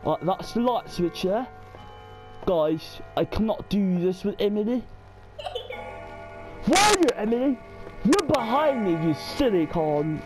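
A woman's voice: medium pitch, big pitch swings, unhurried, long pauses, over music, low-quality recording. A woman giving horror game commentary, exclaiming and complaining and tacking questioning tags onto her sentences. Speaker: gamer.

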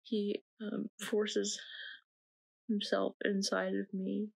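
A young woman acting a shaken narrator in a dramatic monologue, speaking slowly and haltingly with long pauses. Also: mid-range voice, completely flat delivery, creaky, a little mellow. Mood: haunted. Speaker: narrator recounting her own ordeal. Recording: distant mic with faint noise.

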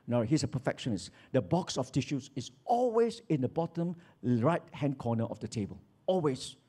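A male pastor, preaching a sermon with animated storytelling. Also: medium pitch, moderate pace, breathy edge. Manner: storytelling, animated with acted quotes.

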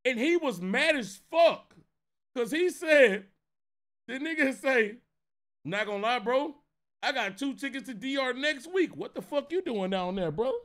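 This streamer, a high-voiced man, talks a little slowly while reacting to clips in a casual chat. His animated delivery swings from low mutters to loud laughing outbursts.

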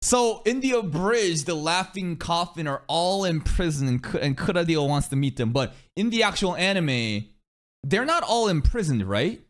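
A man's voice: on the high side, normal speed, faint music behind. A man commenting on an anime parody during a live reaction stream, swearing often and laughing along. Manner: profane, excitable, laughing asides.

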